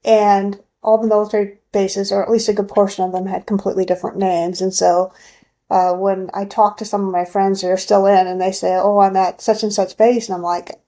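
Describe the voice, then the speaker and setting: A woman who is a guest on a podcast, speaking in a measured, slightly hesitant way in casual chat. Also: mid-range voice, little pitch movement, mellow.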